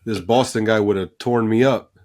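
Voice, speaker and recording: Podcast co-host, male, low voice, casual, filler-heavy rambling. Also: fairly even intonation, moderate pace, a little mellow. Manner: rambling, self-deprecating, lots of fillers. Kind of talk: casual chat.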